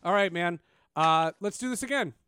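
A man's voice: high voice, normal speed, smooth, dry recording. A man, hosting a casual interview and telling stories with lots of fillers and restarts. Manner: animated storyteller, many fillers and restarts. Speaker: podcast host.

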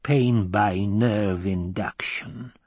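A man voicing a stern old woman who leads a secretive sisterhood, speaking in a slow, measured, commanding way with a husky tone. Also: fairly low pitch, a little mellow, no room sound, exaggerated voice. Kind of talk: audiobook character voice.

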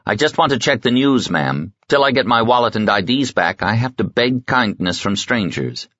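A man playing a courteous traveler down on his luck, speaking politely and evenly to a wary host. The voice is lifted a little above the reader's own low register, on a dry, slightly dull recording. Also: lively intonation, normal speed, fairly bright tone, no echo. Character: stranded, polite, wry man.

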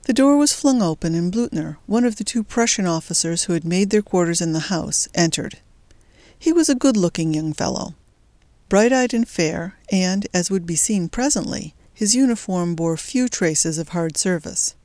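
A woman narrating a story in a steady, measured audiobook reading. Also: lowish voice, no echo. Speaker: audiobook reader. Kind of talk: scripted narration.

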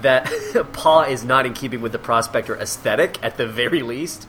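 A man's voice: medium pitch, normal speed, a bit bright, slight background noise. A man hosting a casual podcast chat, joking, laughing often and slipping into silly voices. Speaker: podcast host.

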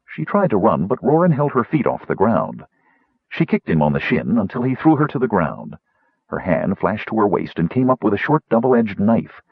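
A man narrating an audiobook in a husky voice with a very varied delivery, on a dull lo-fi recording. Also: deep voice, no room sound. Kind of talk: scripted narration.

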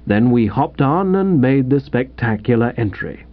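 A man reading a comic story aloud in an expressive, animated narration, in a dull lo-fi recording. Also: mid-range voice, a little slow. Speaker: audiobook narrator.

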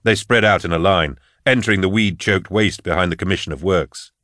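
A man narrating an audiobook in a steady storytelling manner. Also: sits low, fairly quick, no room sound, studio quality.

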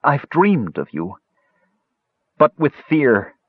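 A man performs a fiery young woman in a fantasy storybook reading, her voice pitched up above his own. She sounds husky and lively, swinging between fear and defiance. The recording is dull and dry. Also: slow pace, no room sound, heavily acted. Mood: fearful. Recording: dull lo-fi audio.

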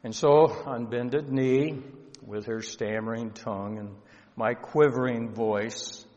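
Slow, earnest pastor in a reverberant hall. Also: male voice, medium pitch, steady tone, darkish tone. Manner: slow, earnest storytelling with emotional swells. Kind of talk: sermon storytelling. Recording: dull lo-fi sound with long hall reverb.

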